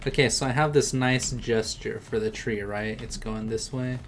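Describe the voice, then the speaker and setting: A man's voice: medium pitch, steady tone, moderate pace, a little hiss or hum. A man chatting casually on a live stream as he draws, talking through his work and laughing often. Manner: chatty, laughs often, reads chat aloud. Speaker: artist streaming his drawing. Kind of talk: casual live-stream chat while drawing.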